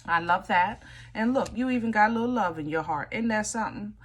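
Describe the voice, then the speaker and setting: A woman's voice: mid-range voice, a little fast. A woman giving a casual tarot reading to viewers, chatty and direct, often teasing with "you know?" and "okay?". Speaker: tarot reader.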